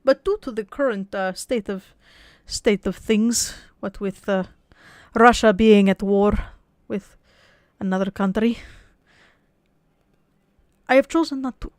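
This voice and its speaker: A woman voice actress chatting casually on a livestream, rambling with frequent restarts and soft laughs. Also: mid-range voice, measured pace, pauses often, no echo, studio quality. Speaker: voice actress and streamer.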